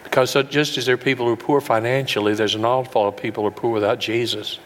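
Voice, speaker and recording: A man preaching a sermon as pastor, folksy and earnest, building up to loud, high peaks. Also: steady tone, fast talker, long reverb tail. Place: large room with an audience.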